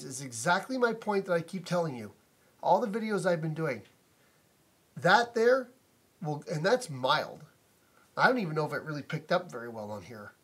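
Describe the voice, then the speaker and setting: Recorded on a phone or camera mic inside his home, a man with a fairly high, fairly bright, breathy voice vents to camera about a noisy neighbor. The vlogger is indignant and repetitive, and he curses a lot.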